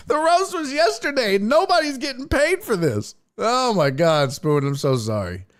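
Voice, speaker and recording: A man hosting a casual sports talk live stream, joking, swearing and laughing often while reading viewer comments, his voice a bit rough and hoarse. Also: extremely high pitch, big pitch swings, unhurried. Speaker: sports talk show host.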